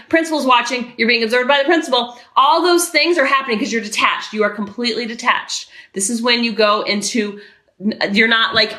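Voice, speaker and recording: A middle-aged woman hosting a parenting podcast, talking with emphatic energy and circling back to her key phrases. Her voice sits a little high and has a bright, forceful ring. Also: steady tone, a little fast, roomy sound. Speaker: parenting coach and podcast host. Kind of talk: podcast coaching talk.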